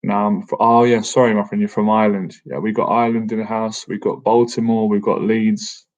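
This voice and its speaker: A man's voice: lowish voice, flat delivery, brisk. A man in his thirties hosting a casual live-stream Q&A, chatty and jokey, often tacking "man" onto his sentences. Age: 30s. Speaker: boxing coach and livestream host. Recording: dull lo-fi stream audio.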